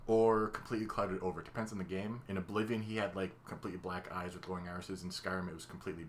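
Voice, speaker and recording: A man's voice: low voice, level tone, racing, a little hiss or hum. A man co-hosting a chatty podcast, explaining at length and laughing easily. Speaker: podcast co-host explaining game lore. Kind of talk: casual podcast chat.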